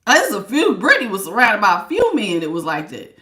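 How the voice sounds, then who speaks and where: Animated, laughing woman tarot reader. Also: mid-range voice, a little fast, echoey room. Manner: animated, laughing, slangy and blunt. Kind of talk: casual spiritual reading.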